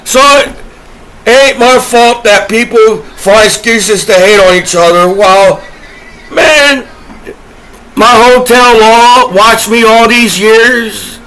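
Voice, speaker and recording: A man's voice: sits high, slow pace, pushed and bright, rough recording. A man, a combat veteran, going on a rambling, profane and aggrieved rant with repeated words and trailing restarts. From United States. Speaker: disabled combat veteran vlogger.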